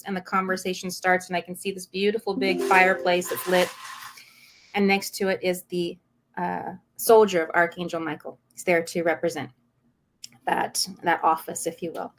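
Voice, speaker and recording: A woman guest in a podcast interview, telling a personal story in a lively way, laughing often and acting out what others said. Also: medium pitch. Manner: animated, acts out quoted voices, laughs often; self-described saucy.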